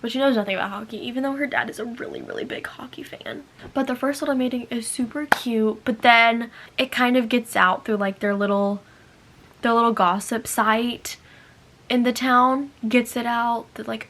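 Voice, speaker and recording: A young woman chatting excitedly as a book vlogger, bubbly and full of "like". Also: a little high, moderate pace. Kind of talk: casual chat.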